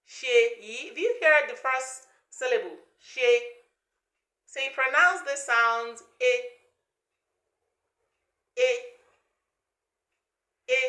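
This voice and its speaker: Slow, bright-voiced woman teaching vowel sounds. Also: high voice, roomy sound. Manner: slow, deliberate, repeats sounds for learners to copy. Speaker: pronunciation teacher. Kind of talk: English pronunciation lesson.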